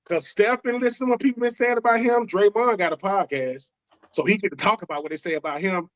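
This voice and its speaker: Atlanta guy, higher voice, dry close mic, rambling about basketball. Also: fairly even intonation, fast talker, fairly bright tone, no echo, low-quality recording. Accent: Atlanta, Southern US. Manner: loose, conversational, repeats himself. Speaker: sports podcast co-host. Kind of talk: casual sports talk.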